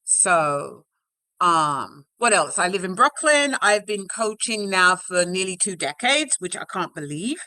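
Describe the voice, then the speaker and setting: Chatty woman with a bright voice. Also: fairly low pitch, sing-song, a little slow, no echo. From London, England. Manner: chatty, frequent "right?" and "you know" tags. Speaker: life coach guest. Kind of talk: casual interview chat. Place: home office.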